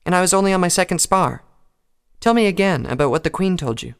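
A man voicing an earnest, studious unicorn mare who asks brisk, direct questions. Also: sits high, expressive, gravelly, fairly bright tone, smooth, voice pushed up, heavily acted.

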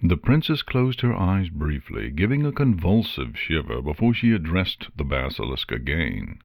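A man reading a story aloud in a measured, expressive way. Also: low-pitched, vocal fry, dry recording, lo-fi sound. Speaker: narrator. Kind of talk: storybook narration.

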